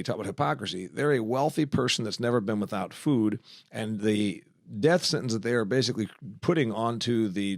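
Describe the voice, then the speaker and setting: A man's voice: lowish voice, no room sound, studio quality. A man hosting a talk podcast, ranting bluntly and animatedly with sarcastic asides. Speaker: podcast host. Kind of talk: casual interview chat. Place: studio in Arizona.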